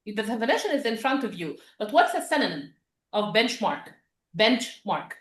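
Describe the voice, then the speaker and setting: A woman teaching an English vocabulary class, patient and quick with praise as she explains words. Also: medium pitch, very animated, fairly bright tone, roomy sound.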